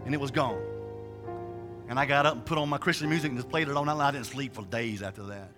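A man's voice: mid-range voice, fast, over music. A man preaching a sermon and telling a personal testimony, with a rambling, emphatic, colloquial delivery full of restarts and repetitions.

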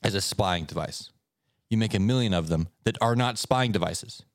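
A man co-hosting a podcast, telling stories in a casual, animated way. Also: normal speed, dry recording, studio quality. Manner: animated storyteller, swoops up in pitch for effect. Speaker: podcast co-host. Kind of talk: casual chat, reading stories aloud.

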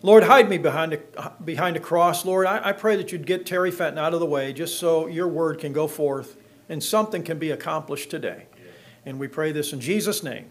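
A man's voice: a little high, fairly quick. A middle-aged man preaching in church, reading scripture and joking with the congregation in a folksy way. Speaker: pastor.

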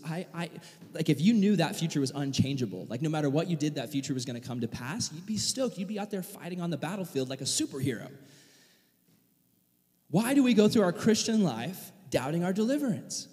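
A young man preaching with a lively, high-pitched voice that climbs and dips as he tells a story. He acts out the voices and yells in sudden bursts. His voice rings with the long reverb of a large hall. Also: a little fast. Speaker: pastor. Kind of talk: sermon with personal story.

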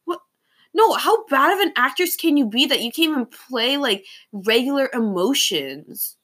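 A young woman co-hosting a casual movie review chat, expressive and giggly as she retells scenes. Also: high-pitched, moderate pace, breathy edge. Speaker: co-host.

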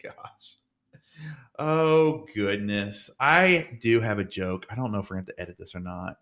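A man's voice: fairly low pitch, moderate pace, fairly bright tone. A man in his forties, a podcast guest, chatting casually and acting out voices in his stories. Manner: storytelling, acts out voices in anecdotes. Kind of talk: casual chat.

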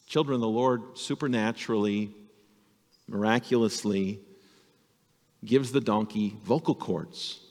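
A male pastor telling a Bible story to children in an animated, storytelling sermon. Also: fairly low pitch, long reverb tail.

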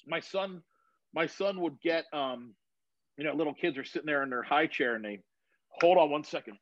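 A man's voice: fairly high pitch, moderate pace, dry recording. A man in his thirties telling stories in a casual chat in his home garage, swearing freely and acting out the voices of people he quotes. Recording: dull, slightly lo-fi sound.

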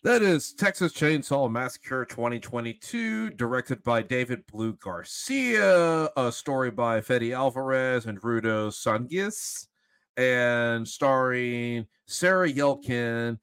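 Man, slow-paced, dry delivery, podcast co-host, casual horror chat, dry close mic. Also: mid-range voice, clean tone, no room sound.

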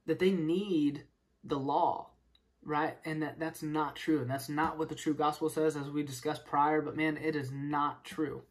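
A speaker giving a casual Bible study, explaining verses with rhetorical questions and peppering the talk with "right?" and "man.". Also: medium pitch. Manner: casual, filler-heavy, keeps saying "right?" and "man". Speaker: Bible teacher.

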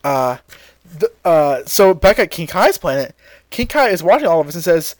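A man co-hosting a podcast, casually retelling a fight scene with lots of fillers and quick acted-out lines. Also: a little high, very animated, no echo. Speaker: podcast co-host. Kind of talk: casual episode recap.

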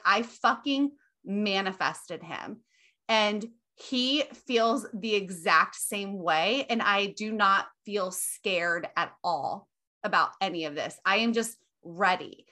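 A young woman talks on her podcast in a loose, casual chat, her voice bright and forward. She gushes and leans hard on her words, dropping swear words freely as she goes. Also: medium pitch. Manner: gushing, emphatic, swears freely. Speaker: podcast host.

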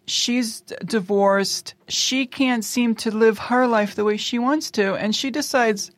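A woman's voice: fairly high pitch, unhurried, few pauses, dry recording. A woman co-hosting a casual chat, retelling a film's plot and acting out the characters' lines as she goes. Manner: animated storyteller, acting out family members' lines. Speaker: podcast co-host.

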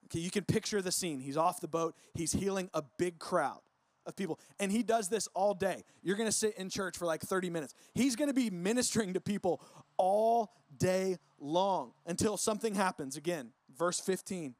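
A man preaching a casual, conversational sermon, relaxed and full of filler words. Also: sits high, normal speed, no room sound. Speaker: pastor. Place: church service.

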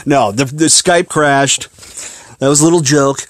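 A man's voice: a little high, unhurried, fairly bright tone, no echo, studio quality. A young man from Minneapolis hosting a podcast, telling a story in a rambling, profane, self-mocking way. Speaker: podcast host. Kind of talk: casual storytelling monologue.

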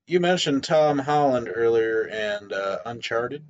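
A man on a casual podcast, reading news articles aloud in a relaxed way with fillers. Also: medium pitch, measured pace, dull audio.

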